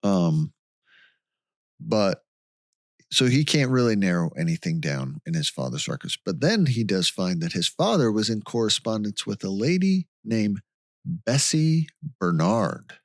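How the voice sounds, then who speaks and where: A man's voice: fairly low pitch, unhurried, no room sound, studio quality. A man co-hosting a podcast, casually retelling a case from his notes. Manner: relaxed storytelling from notes. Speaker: podcast co-host. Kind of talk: casual chat recapping a case.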